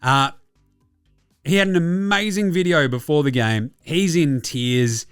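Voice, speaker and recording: An Australian man hosting a basketball recap show, talking in a fast, sweary, sarcastic rush. His voice sits a little high for a man and comes across smooth and clear. The recording is dry and close, with faint music behind him. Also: fairly bright tone, dry recording. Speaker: basketball podcast host. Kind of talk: casual sports recap.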